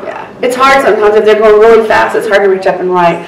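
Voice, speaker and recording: A woman court reporter chatting with colleagues, telling animated stories and laughing often. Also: mid-range voice, quick pace, a little hiss or hum. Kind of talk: casual group chat. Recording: echoey room, far from mic, group chatter.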